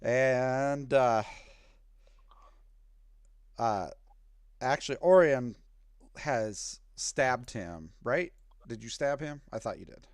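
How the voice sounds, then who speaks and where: A man acting as game master, narrating a tabletop game in an unhurried way with plenty of fillers. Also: mid-range voice, animated, smooth, no room sound, clean studio sound.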